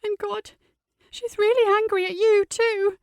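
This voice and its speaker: A woman voicing an upset teenage girl, speaking high and quick in an audiobook. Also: fairly even intonation, darkish tone, no room sound, studio quality. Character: distressed teenage girl, tearful and defiant.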